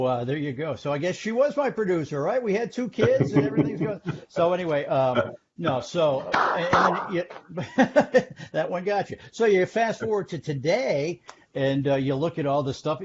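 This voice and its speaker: A man's voice: medium pitch, darkish tone, husky. A man in his sixties, a television journalist telling stories as a guest in a casual interview over a video call from his home, chatty and self-deprecating. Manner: chatty storyteller, self-deprecating, many restarts. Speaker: TV news guest. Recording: dull lo-fi call audio.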